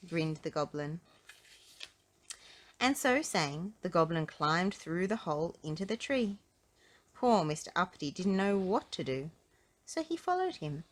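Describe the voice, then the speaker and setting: Lively woman reading a children's story. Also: low voice, moderate pace, low-quality recording. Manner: expressive, sing-song storytelling. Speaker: storybook reader. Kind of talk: children's story read-aloud.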